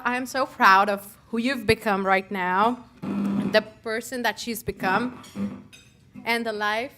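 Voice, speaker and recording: A woman's voice: on the high side, sharp tone. A woman giving a heartfelt, teasing wedding toast as the bride's close friend. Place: wedding reception.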